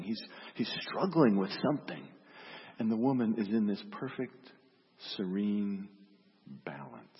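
A man's voice: on the low side, slightly rough, in a large hall, lo-fi sound. A man preaching a sermon in a reflective, storytelling way, often repeating his questions. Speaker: pastor.

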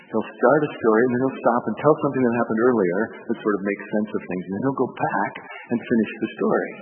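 A man's voice: medium pitch, fast, soft background music. A man preaching a sermon, telling the story with animation and acting out the voices of the people in it. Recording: phone-like broadcast with long hall reverb.

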